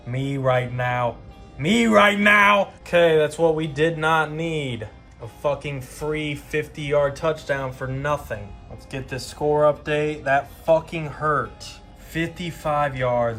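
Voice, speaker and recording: A young man giving profane live reactions to a fantasy football game, dropping to mutters and then bursting out. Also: mid-range voice. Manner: profane, swings from mutters to outbursts.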